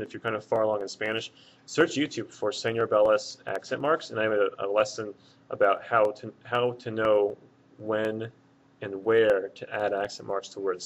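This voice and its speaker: Man, lowish voice, easygoing teacher explaining things with lots of uhs, slightly muffled lo-fi recording. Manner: relaxed, with many filler words. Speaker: Spanish teacher. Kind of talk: casual video lesson. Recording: dull lo-fi sound.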